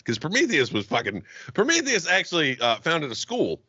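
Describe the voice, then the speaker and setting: A man from Florida co-hosting a podcast, ranting with heavy swearing and bursts of shouting. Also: on the high side, wildly swooping pitch, normal speed, few pauses, slightly rough, no room sound. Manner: profane, shouting rants. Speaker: podcast co-host. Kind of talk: comedic rant. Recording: slightly muffled, dry.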